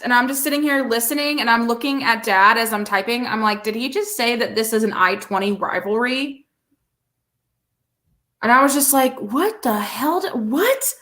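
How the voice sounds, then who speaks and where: A woman co-hosting a podcast, chatting casually and sarcastically about a college basketball game. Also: on the high side. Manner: animated, sarcastic, laughs often. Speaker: podcast co-host. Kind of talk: casual sports chat.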